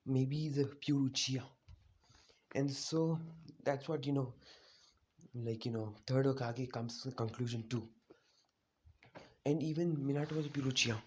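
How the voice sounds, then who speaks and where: A man's voice: medium pitch, a little mellow, husky. A man casually retelling a fan story in a rambling, unpolished way, full of "you know" and "like". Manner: loose, unpolished delivery with restarts.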